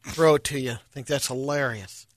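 A man's voice: medium pitch, fairly quick, no room sound. A man chatting casually in studio banter, tossing in short, offhand remarks.

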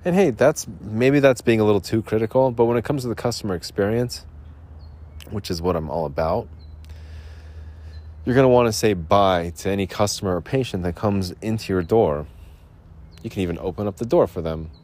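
A man hosting a solo podcast, rambling sarcastically about his day, clearing his throat and coughing now and then as he comes down with a cold. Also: lowish voice, a little mellow. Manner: sarcastic, self-mocking, puts on quick voices for quotes. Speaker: podcast host.

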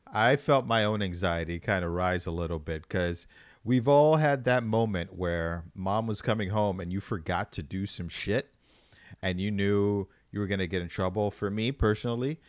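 A man's voice: on the low side, normal speed, no echo, studio quality. A man co-hosting a podcast in casual chat, laid-back and joking, with some swearing. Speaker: podcast co-host.

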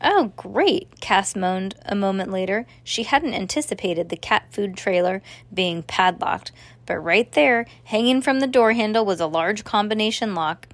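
A woman narrating a children's story aloud, steady, with small restarts. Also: mid-range voice, moderate pace, dry recording. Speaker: reader.

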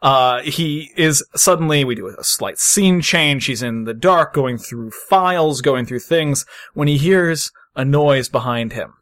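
Male game master, mid pitch, dramatic scene-setting narrator, dry close mic. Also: measured pace, a bit bright, dry recording. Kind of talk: narrating a tabletop role-playing game.

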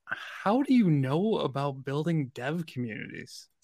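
A man's voice: a little high, very animated, a little mellow, no room sound, studio quality. Upbeat man hosting a dev podcast. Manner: upbeat, teasing, quick asides. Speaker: podcast host.

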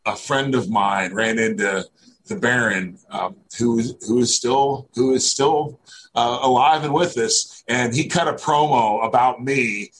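A man's voice: mid-range voice, measured pace, noisy background. A middle-aged man from Missouri, a former wrestler, telling stories casually in an interview with lots of fillers. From Northeast Missouri, USA. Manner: rambling, heavy on fillers like "you know" and "man". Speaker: guest, former pro wrestler.

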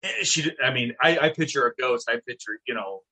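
A middle-aged man telling a story in casual chat, animated and swearing, acting out what people said. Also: medium pitch, a little fast, breathy edge. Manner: animated, swearing, acts out quotes. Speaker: guest, town mayor.

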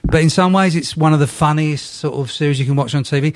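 Rambling, halting male podcast host. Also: a little high. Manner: rambling, halting, restarts sentences. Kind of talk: casual football podcast chat.

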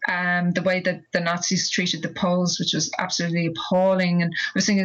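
A woman's voice: on the low side, little pitch movement, normal speed. An Irish woman in her fifties, an author being interviewed, talking thoughtfully and rambling with many restarts. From Ireland. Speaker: author guest. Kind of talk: casual interview conversation. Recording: dull lo-fi audio.

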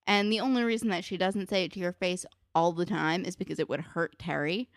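A woman's voice: lowish voice, fairly even intonation, brisk, dry recording, clean studio sound. A young woman in casual chat, giving exasperated, opinionated commentary on a show with sarcastic asides.

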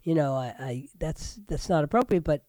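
A woman's voice: deep voice, expressive, moderate pace, mellow, no echo. An older woman hosting a talk radio show, sick with a stuffy nose and a nasal voice, rambling in a chatty monologue full of fillers.

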